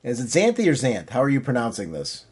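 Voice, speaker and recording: A man's voice: medium pitch, animated, quick pace, breathy edge. A man co-hosting a comics podcast, talking in an eager, rambling way with frequent restarts. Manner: enthusiastic, rambling, many restarts. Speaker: podcast co-host. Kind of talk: casual chat.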